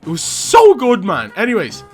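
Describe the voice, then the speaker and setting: A young man, commentating his own football video game play with excitable outbursts and banter. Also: high-pitched, normal speed, faint music behind. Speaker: gaming YouTuber. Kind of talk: live gameplay commentary.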